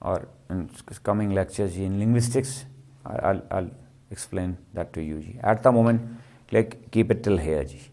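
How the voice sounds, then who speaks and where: A man giving a classroom lecture, often asking his students "clear?" and answering his own questions. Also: sits low, normal speed, mellow. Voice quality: repetitive, question-and-answer teaching style. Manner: checks understanding with frequent "clear?" and "ji".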